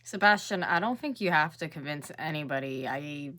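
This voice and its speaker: A woman's voice: sits low, animated, normal speed, bright, forceful tone. A woman in her twenties hosting a reaction video, chatting casually, blunt and swearing now and then. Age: 20s.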